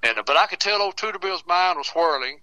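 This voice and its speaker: A man spins a folksy small-town yarn, chuckling through it and stumbling over his restarts. His voice is very bright and a touch high, recorded close and dry in a studio. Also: lively intonation, no room sound, rough recording. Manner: chuckles through his tales, halting repeats. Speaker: storyteller, radio guest. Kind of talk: folksy storytelling.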